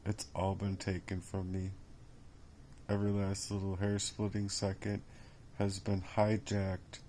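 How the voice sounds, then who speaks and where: A man's voice: fairly low pitch, completely flat delivery, warm tone, slight background noise. A man talking in a rambling personal monologue, exhausted, bitter and sarcastic, swearing often and repeating himself. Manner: repetitive, halting phrasing. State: exhausted and worn down. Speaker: vlogger.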